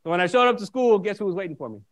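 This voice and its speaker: A man preaching a sermon, telling a personal story in an animated way and often checking in with his listeners. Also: high-pitched, rapid-fire. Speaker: minister.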